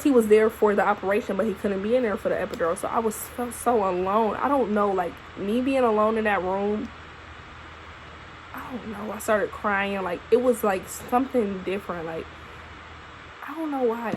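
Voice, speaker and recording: A young woman, a new mother casually telling her birth story to camera in an expressive, profane way. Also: mid-range voice, moderate pace, a little hiss or hum, rough recording. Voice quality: expressive, profane, animated retelling. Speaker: vlogger, new mom. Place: at home holding her baby.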